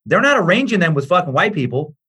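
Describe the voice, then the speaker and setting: A man's voice: high-pitched, big pitch swings, fast, sharp tone, breathy edge. A man, a comedian guest on a podcast, riffing in an opinionated, profane way with many fillers. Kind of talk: casual podcast chat.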